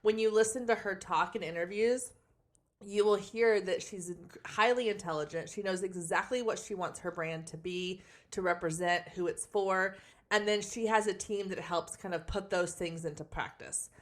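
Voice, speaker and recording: A woman in her forties hosting a solo podcast, slightly hoarse from losing her voice, talking in a chatty, candid way with frequent ums, on a backup podcast microphone. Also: medium pitch, fairly even intonation, moderate pace. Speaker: podcast host and photography marketing coach. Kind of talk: casual solo podcast talk.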